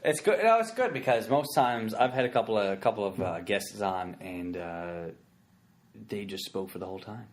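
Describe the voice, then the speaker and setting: A man's voice: fairly low pitch, animated, moderate pace. A young man hosting a podcast, rambling and self-mocking as he retells his stand-up bits. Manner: rambling, self-mocking, sings ringtone sounds and does bits. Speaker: podcast host and comedian. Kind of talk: casual chat.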